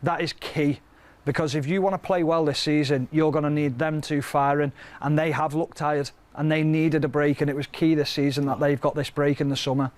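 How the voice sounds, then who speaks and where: Male football pundit, studio analysis, slightly high voice, level and even delivery. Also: brisk, hardly any pauses.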